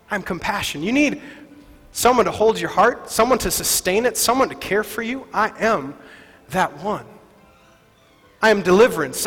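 A man voicing God in the first person during a sermon, making soft, slow, reassuring promises in a reverberant hall with faint music. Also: high voice, slightly rough, heavily acted. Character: God speaking, gentle reassuring male voice.

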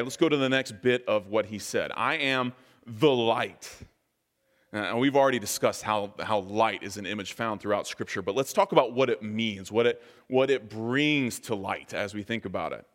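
A man preaching a sermon as pastor, measured and deliberate, slowing down to weigh key phrases. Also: fairly low pitch. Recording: long reverb of a large hall.

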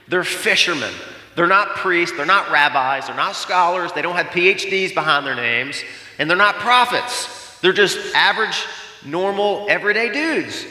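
A man's voice: on the high side, pushed and bright. A man preaching a sermon as a pastor, talking conversationally, putting on voices for quotes and asking rhetorical questions. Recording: echoey hall with long reverb.

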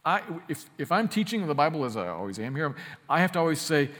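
Man preaching a sermon, slows way down to hammer key words, big hall reverb. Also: a little high, big pitch swings, fairly bright tone. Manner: emphatic, with slow stressed phrases and quick asides. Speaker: pastor.

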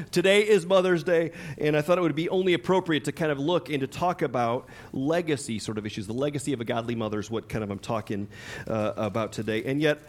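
A man's voice: mid-range voice, fast talker. A man preaching a sermon in a conversational, chatty way, with lots of fillers, restarts and laughter. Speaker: pastor.

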